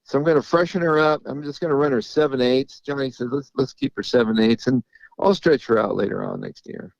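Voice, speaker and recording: A middle-aged man with a gravelly, fry-tinged voice speaks in a casual interview. He halts and repeats words as he tells his stories, laughing now and then. The sound is dry and dull. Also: medium pitch, fairly quick, no room sound. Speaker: racehorse trainer. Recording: dull lo-fi audio.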